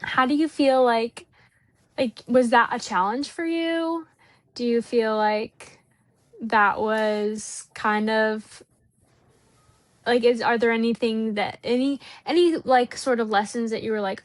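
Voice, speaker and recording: A woman's voice: a little high, fairly even intonation, slow pace, no echo. A young woman hosting a podcast, asking hesitant, rambling questions with many fillers. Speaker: podcast host. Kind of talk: casual interview.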